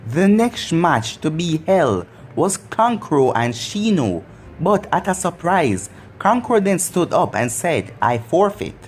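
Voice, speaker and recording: A narrator reading a fan story aloud in a plain, even storybook manner. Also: mid-range voice, a little slow, a little hiss or hum.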